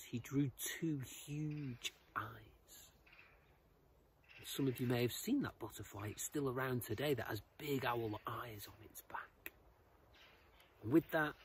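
A man telling a children's story, expressive, shifting between loud lines and whispers. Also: mid-range voice, breathy edge, poor audio.

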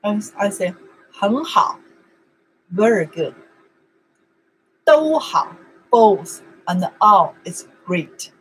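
A woman whose first language is Chinese teaches an online language lesson in simple, broken English, repeating words over and over for practice. Her voice is medium-pitched and slow. The recording is rough, with slight background noise.

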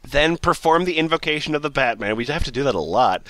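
A man's voice: fairly high pitch, lively intonation, fast, fairly bright tone. A man hosting a casual comedy podcast, reading a blog post aloud and giggling often as he goes. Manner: giggly, reads aloud with frequent laughs.

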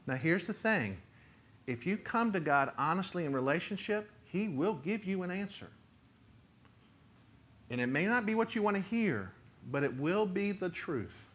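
A middle-aged male pastor in full sermon mode. He preaches with lively swings of pitch and volume, jumping high and loud when he acts out a voice, then dropping low and quiet. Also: normal speed. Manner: animated preaching, rising loud for quoted voices.

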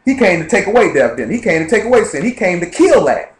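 A man preaches at speed in a casual, conversational way, reading verses and then breaking them down for the people in front of him. His voice sits a little high for a man. The live recording rings with room echo. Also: big pitch swings. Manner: rapid, conversational, quotes scripture and checks in with listeners. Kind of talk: informal Bible study sermon. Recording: echoey live-streamed room.

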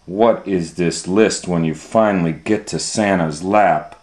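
A man hosting a children's storytime and reading a picture book aloud in an expressive way, swinging from loud scolding calls to hushed asides. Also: deep voice, a little slow.

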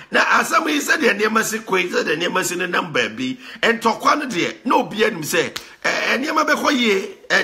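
A man with a Ghanaian accent giving lively, repetitive casual commentary, slipping between Pidgin and Twi. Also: high-pitched.

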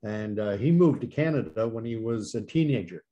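A male interview host asking questions in a relaxed way, with hesitant restarts. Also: on the low side, normal speed, muffled recording. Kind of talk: casual interview.

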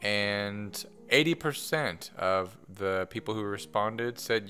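Low-voiced man hosting a plant vlog. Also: expressive, slow pace, pushed and bright. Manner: friendly, conversational, with filler "uh". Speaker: vlog host. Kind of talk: casual plant vlog narration. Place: botanical garden greenhouse.

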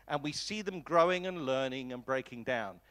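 A man giving a master class lecture to film students, talking with lively enthusiasm and often restarting his sentences. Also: mid-range voice, normal speed. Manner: animated and enthusiastic, voice jumps up when excited; frequent restarts and repeated words.

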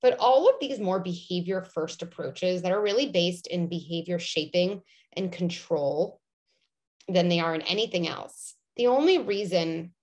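A woman, a psychologist talking as a guest in an interview, animated and full of "like" and "you know", sometimes acting out voices. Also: on the low side, a little slow. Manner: animated, filler-heavy, acts out quoted voices. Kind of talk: conversational interview.

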